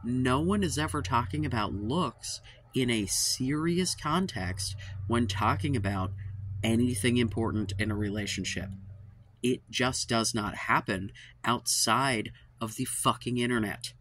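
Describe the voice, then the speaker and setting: Speaking a little slowly in a mid-range, fairly bright voice over slight background noise, a man rants on his own channel about dating advice. The monologue to camera is exasperated and full of swearing, with sighs and trailing-off words that show he's tired and fed up.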